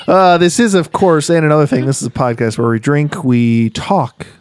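A man hosting a casual podcast over beers, joking, laughing loudly and swearing freely. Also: on the high side, sing-song, measured pace, dry recording. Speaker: podcast host.

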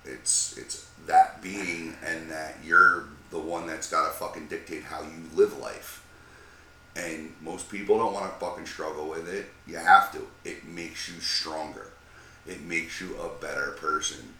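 Male co-host, very deep but forceful voice, swearing and blunt; roomy echo, faint noise. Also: fairly even intonation, unhurried. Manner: profane, philosophizing, blunt. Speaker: podcast co-host. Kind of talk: casual chat.

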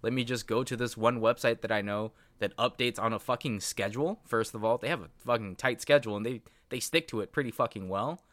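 A man's voice: mid-range voice, fairly quick, few pauses, a bit bright, no echo. A man from the United States co-hosting a podcast, talking casually with lots of swearing and rambling restarts. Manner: profane, rambling, emphatic. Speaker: podcast co-host. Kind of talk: casual chat.

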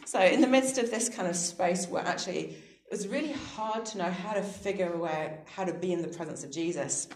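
A woman in her thirties with a low, deep voice speaks reflectively about faith and daily life. She is thoughtful and soft-spoken and laughs easily at her own stories. The room sounds roomy and echoey. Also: brisk. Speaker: interview guest. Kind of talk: reflective personal storytelling on faith.

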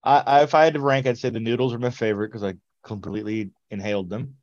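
A man's voice: medium pitch, steady tone, quick pace, a little mellow, no room sound, highs cut off. Rambling, swearing man telling stories. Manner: rambling, profane storytelling with laughs. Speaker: podcast co-host. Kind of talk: casual chat.

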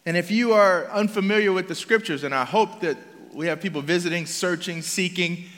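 A man's voice: high voice, fairly quick, a bit bright, in a large hall. A man preaching a sermon as pastor in a conversational, emphatic way, often restarting his phrases.

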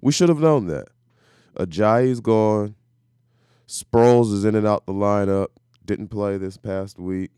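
Male co-host, very low voice, calm and measured, dry studio. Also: clear, resonant tone, no room sound. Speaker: sports show co-host. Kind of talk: casual sports talk.

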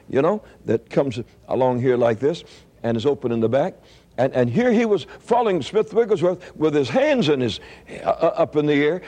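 Older male preacher, storytelling sermon, lively pitch, warm husky tone. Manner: folksy storytelling with frequent restarts.

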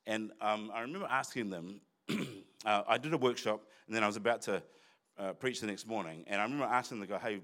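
A man's voice: on the low side, a little fast, fairly bright tone. A man preaching a sermon in church, talking conversationally with asides and restarts. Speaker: pastor.

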